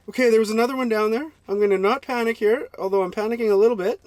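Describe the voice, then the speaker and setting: A man talking casually to camera while ice fishing on a frozen lake, breaking into excited exclamations. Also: sits high, very fast, hardly any pauses, no echo. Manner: excitable, bursts into loud exclamations. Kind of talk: casual outdoor vlog commentary.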